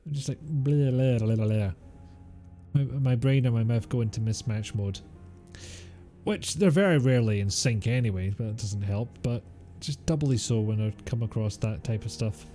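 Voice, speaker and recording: A man's voice: medium pitch, normal speed, mellow, soft background music. A man streaming a game, chatty and wry in his asides. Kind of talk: let's play commentary.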